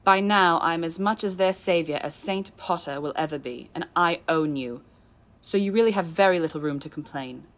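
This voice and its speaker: A woman's voice: lowish voice, lightly acted. A woman reading as a sneering cold young man. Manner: slow, clipped, contemptuous delivery.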